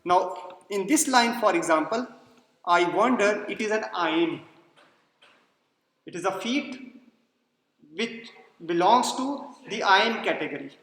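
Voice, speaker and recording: A man's voice: high voice, lively intonation, slow pace, long pauses, fairly bright tone. A man giving a classroom lecture, explaining patiently, repeating key points and checking whether students follow. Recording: echoey hall, long reverb.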